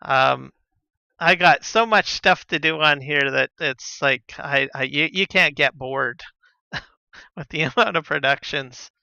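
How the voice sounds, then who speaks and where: Slow-talking man streamer, bright smooth voice. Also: a little high, dry recording. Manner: relaxed, rambling, many fillers and soft chuckles. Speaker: gaming streamer. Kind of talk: casual live-stream chat while playing.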